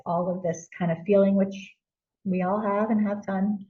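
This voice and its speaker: A woman's voice: mid-range voice, level tone, moderate pace. A woman giving a casual teaching talk to parents, speaking conversationally with loose fillers. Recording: echoey room, distant mic, dull lo-fi.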